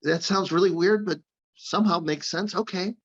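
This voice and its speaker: A man's voice: sits high, normal speed, a bit bright, pitched above the performer's own voice. A man voicing a frightened, stranded woman who stammers, on dull lo-fi audio. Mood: flustered. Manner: stammering, flustered.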